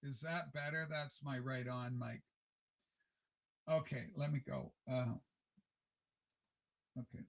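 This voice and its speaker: A man hosting a casual livestream chat from a desk mic, rambling and animated. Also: mid-range voice, takes it slowly, long pauses, no echo. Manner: rambling and animated, with many fillers. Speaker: livestream show host. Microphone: desk microphone.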